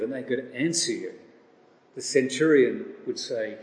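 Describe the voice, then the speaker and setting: A man preaching a sermon slowly and deliberately, asking rhetorical questions. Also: medium pitch, darkish tone. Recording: roomy with long reverb.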